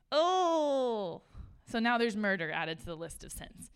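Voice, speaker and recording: A woman giving a casual, conversational sermon to a room of listeners. She is chatty and animated, laughs often, and says "like" a lot. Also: a little high, unhurried, clear, resonant tone. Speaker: speaker at a church gathering.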